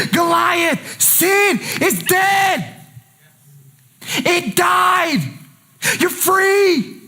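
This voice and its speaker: A man preaching a sermon as pastor, impassioned and colloquial, swinging between quiet lines and shouted ones and repeating phrases for emphasis. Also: very high-pitched, extremely slow, gravelly, long pauses.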